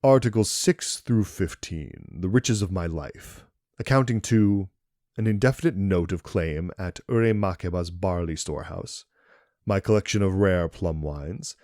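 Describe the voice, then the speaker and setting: A man with a deep voice playing a haughty old steward who reads a will in a slow, measured, formal way, in a horror audio story. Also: darkish tone, dry recording, clean studio sound.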